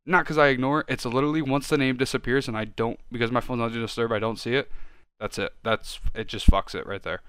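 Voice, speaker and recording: A young man co-hosting a podcast, talking in a casual, profane rant that keeps getting louder. His voice sits in a middle register and is recorded close and dry, with no room sound. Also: medium pitch, fast talker, clear, resonant tone, no room sound. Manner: loud, ranting, profane, gets animated. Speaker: podcast co-host.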